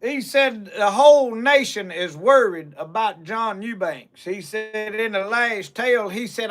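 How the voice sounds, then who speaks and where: A man's voice: sits high, a little slow, hardly any pauses, fairly bright tone, soft background music. A man with a Southern US accent telling a folksy comic tall tale in a drawl, starting almost every clause with "said". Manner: drawling, repeats "said" constantly. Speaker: storyteller.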